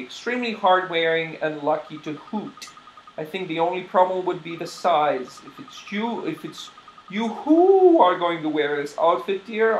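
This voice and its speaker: A man voicing a kindly old grandmother owl shopkeeper in a high, quavering, hooting voice. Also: echoey room, rough recording.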